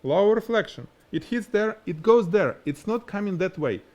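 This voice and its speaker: A man with a strong Russian accent whose first language is Russian, teaching product photography on a live stream in an animated, demonstrating way. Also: sits high, normal speed. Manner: animated, explains by demonstrating, laughs at himself. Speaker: photography instructor.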